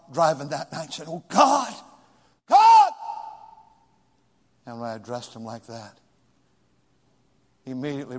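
A man, a pastor preaching a sermon in a church sanctuary. His delivery swings from shouted pleas to hushed, near-whispered prayer. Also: fairly high pitch. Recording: long hall reverb.

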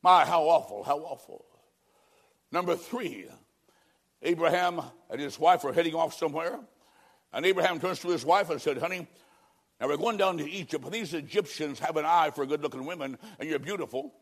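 High-voiced preacher, loud then hushed. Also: male voice, fairly quick, breathy edge. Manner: dramatic, swings between loud emphasis and hushed low endings. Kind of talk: evangelistic sermon.

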